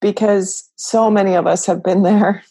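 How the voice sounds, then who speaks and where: A woman's voice: mid-range voice, fairly even intonation, moderate pace, mellow, breathy edge. A woman interviewer responding to her guest in an affirming, encouraging way. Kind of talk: conversational interview.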